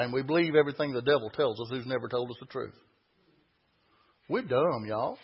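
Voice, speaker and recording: A man preaching a sermon, folksy and emphatic, building to loud peaks. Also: medium pitch, brisk, long pauses, slightly rough, highs cut off.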